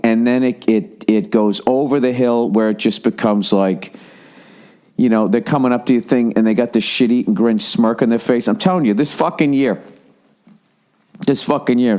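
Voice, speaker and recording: A man in his forties ranting through a casual comedic monologue as a podcast host, swearing heavily and jumping up in pitch. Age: 40s. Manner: ranting, heavy swearing, animated rises in pitch.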